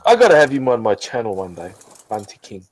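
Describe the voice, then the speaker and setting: A man's voice: mid-range voice, huge pitch swings, quick pace, no echo, low-quality recording. A drunk man chatting casually as host, rambling with many restarts and swearing. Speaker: channel host. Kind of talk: casual chat on a group voice call.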